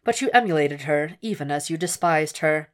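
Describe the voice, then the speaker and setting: A woman voicing a calm, cold, cultured male doctor who speaks in a soft, measured, quietly mocking way. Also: deep voice. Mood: taunting.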